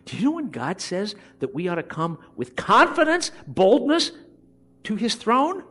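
A man's voice: high voice, wildly swooping pitch, a little slow, sharp tone. A middle-aged man preaching a sermon, impassioned and emphatic. He acts out the voices of people he quotes.

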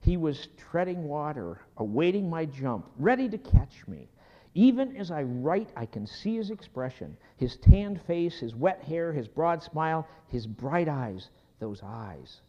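A male pastor delivers a sermon at an unhurried pace, his voice swinging widely in pitch from lifted, emphatic phrases down to near-whispers. The sound is somewhat dull and carries a long reverb, as if picked up in a large hall. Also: big pitch swings. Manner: slow storytelling, dropping to a soft whisper.

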